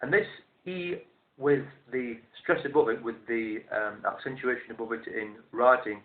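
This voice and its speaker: A man teaching a language lesson, explaining step by step in a measured, methodical way and repeating each form slowly. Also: medium pitch. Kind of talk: instructional explanation. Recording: roomy, tinny phone-like sound.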